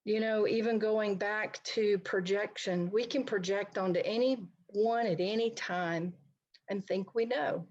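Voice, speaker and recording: A woman's voice: medium pitch, measured pace, a little mellow, muffled recording. A middle-aged woman counselor giving an online talk, speaking conversationally and addressing her listeners directly. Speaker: licensed counselor presenting a talk. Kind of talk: online presentation to a society.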